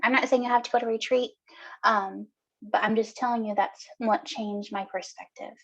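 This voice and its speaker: A woman giving earnest, encouraging advice in a casual talk, often pausing on "um". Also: a little high, steady tone, vocal fry, a bit bright. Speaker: co-host. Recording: dull lo-fi video call audio.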